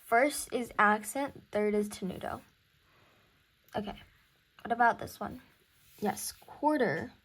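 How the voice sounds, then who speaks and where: A woman's voice: medium pitch, slow pace, long pauses, fairly bright tone, husky. A young woman teaching music theory in a casual recorded lesson, thinking aloud and counting beats.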